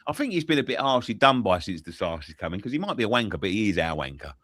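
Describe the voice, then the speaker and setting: Bloke ranting about football, swears constantly, pitch all over the place, dry close sound. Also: male voice, fast talker, no echo. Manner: sweary, animated storytelling. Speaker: football fan pundit. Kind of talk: casual post-match chat.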